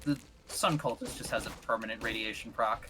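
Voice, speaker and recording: A man's voice: medium pitch, a little fast, pushed and bright, slightly rough. A man streaming a game with a friend, making wry jokes in casual chat. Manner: joking, wry asides.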